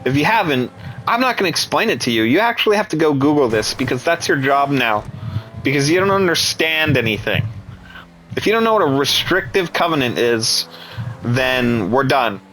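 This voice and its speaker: A man's voice: medium pitch, sing-song, normal speed, fairly bright tone, slight background noise, poor audio. A man ranting with scorn and profanity in an angry political commentary.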